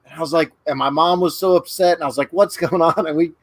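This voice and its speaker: Guy from detroit telling funny stories, kinda higher voice, dry mic. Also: fast talker, no room sound. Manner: animated anecdotes with laughter. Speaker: co-host. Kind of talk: casual storytelling.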